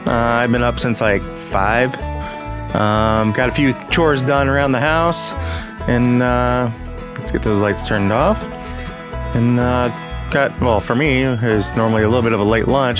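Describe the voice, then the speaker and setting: A man's voice: mid-range voice, a little slow, music in the background. Man with a frog in his throat. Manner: rambling, lots of ums and uhs. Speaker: gaming channel host. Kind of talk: casual let's-play commentary.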